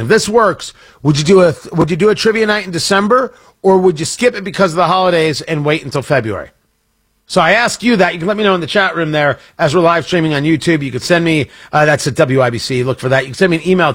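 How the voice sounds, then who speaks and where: Rambling, husky-voiced radio host. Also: male voice, a little high, a bit bright, no room sound. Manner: rambling, self-interrupting, jokey. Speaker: radio talk show host. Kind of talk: casual radio talk.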